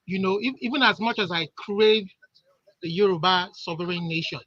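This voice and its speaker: A man's voice: high voice, moderate pace, fairly bright tone, no room sound. A man calling in, talking in a heated, impassioned way and stumbling over repeated words. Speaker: caller. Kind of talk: heated call-in commentary. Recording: dull lo-fi call audio.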